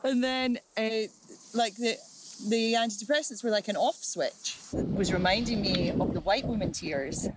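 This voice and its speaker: A woman's voice: mid-range voice, moderate pace, heavy background noise. A woman in her forties talking candidly and a bit rambling with a friend outdoors. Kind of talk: casual chat.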